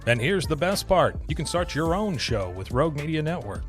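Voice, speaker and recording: A man's voice: a little high, sing-song, brisk. A man reading a scripted podcast-network promo in an upbeat, salesy way. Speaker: ad announcer. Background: faint music bed.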